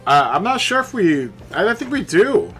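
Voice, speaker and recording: A man live-streams a racing game from home, talking to his chat in a high-pitched, sing-song, slightly bright voice at a moderate pace. Soft music plays behind his rambling banter, and he laughs at his own jokes, using a studio mic through a mixer.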